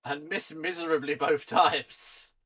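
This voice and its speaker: A man's voice: a little high, steady tone, unhurried, noisy background. A man narrating a tabletop game as game master, chatty and laughing often. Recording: dull lo-fi sound.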